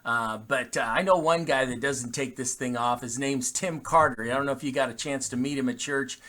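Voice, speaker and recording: A man's voice: medium pitch, moderate pace, bright, forceful tone. A man speaking as a pastor, giving a short, casual devotional message to his church with frequent restarts.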